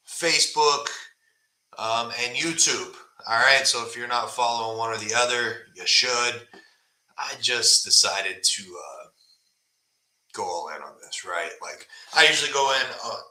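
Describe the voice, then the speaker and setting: A man's voice: medium pitch, pushed and bright, reverberant, rough recording. A man hosting a casual live stream, talking bluntly and often tagging "right?" onto his points. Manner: blunt, conversational, fillers like "right?".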